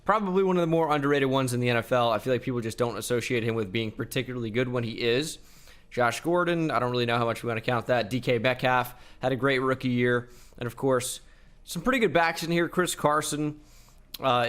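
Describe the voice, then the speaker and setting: A man's voice: mid-range voice, a bit bright. A young man giving casual, rambling commentary over his video game footage as a channel host. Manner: chatty, rambling, quick asides.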